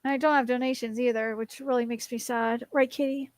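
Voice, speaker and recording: A woman's voice: fairly high pitch, steady tone, brisk, no room sound. A woman streaming casually, rambling with many fillers and cooing at her cat in baby talk. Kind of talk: casual live-stream chat.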